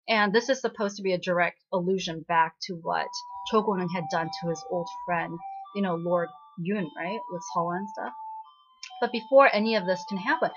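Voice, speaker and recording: A woman's voice: mid-range voice, slightly rough. A woman casually recapping a television drama episode in a chatty way, full of "you know" and "right?" fillers. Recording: slightly dull lo-fi audio.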